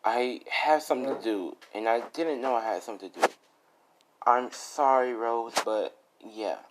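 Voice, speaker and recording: A man's voice: medium pitch, moderate pace, background noise, natural voice. A man doing a shy, apologetic teenage boy.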